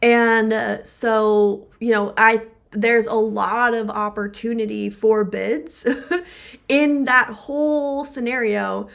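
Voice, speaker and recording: A woman's voice: fairly high pitch, fairly even intonation, takes it slowly, gravelly, fairly bright tone. A woman co-hosting a relationship podcast as a therapist, explaining ideas through everyday examples with lots of filler words. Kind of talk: casual podcast conversation.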